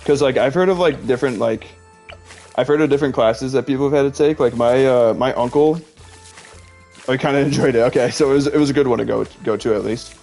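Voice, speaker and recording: A young man in his twenties chats casually on a stream, rambling from one story to the next and filling every gap with "like." His mid-pitched voice has a gravelly edge. Faint music plays under him. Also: quick pace, a little mellow. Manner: rambling, heavy use of "like", chatty storytelling. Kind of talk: casual chat.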